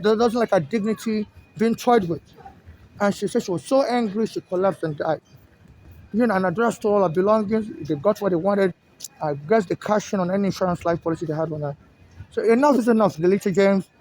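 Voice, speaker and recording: A man with a Nigerian accent and a very high voice vents outdoors. He talks fast and keeps circling back to the same grievances, speaking straight to the official he blames. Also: darkish tone, slight background noise, rough recording. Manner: agitated, repetitive, addresses an official directly. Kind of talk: direct-to-camera complaint. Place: outdoors in a city.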